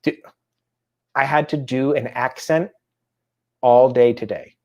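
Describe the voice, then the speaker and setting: Chatty dad telling animated stories. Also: male voice, medium pitch, slow, dull audio. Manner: chatty, animated storytelling with voiced impressions. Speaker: podcast co-host. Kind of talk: casual chat.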